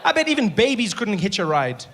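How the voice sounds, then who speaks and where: On a noisy stage with crowd sounds behind him, a high-voiced South African man does stand-up at a brisk clip. He's animated, spinning stories and acting out different voices.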